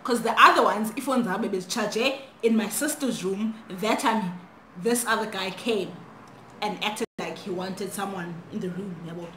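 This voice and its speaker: A young woman telling an animated storytime on her phone, switching languages mid-sentence. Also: mid-range voice, normal speed. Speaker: vlogger. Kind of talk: storytime vlog. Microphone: phone camera. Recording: echoey room, faint noise.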